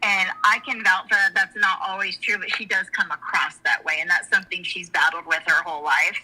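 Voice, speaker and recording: A woman's voice: lowish voice, fairly even intonation, fairly quick, bright, forceful tone, husky, poor audio. A middle-aged woman, candidly telling a personal story in conversation, frank and emotional and often rambling with restarts. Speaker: guest.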